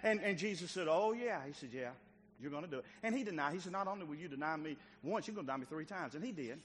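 Animated preacher man in an echoing church. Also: on the high side, fast talker, slight background noise. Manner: dramatic preaching, acts out biblical dialogue, swings loud to soft. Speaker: pastor. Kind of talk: sermon. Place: church sanctuary.

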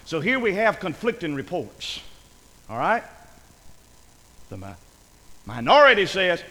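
A man preaching a fervent sermon, often shouting and repeating phrases for emphasis. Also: high voice, sing-song, measured pace, pauses often, in a large hall, rough recording.

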